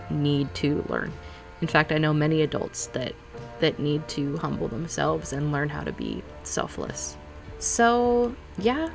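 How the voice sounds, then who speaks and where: A woman's voice: low voice, creaky. A woman casually reviewing a film for her channel, rambling and correcting herself as she goes, with little laughs and hedges. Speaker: movie review vlogger.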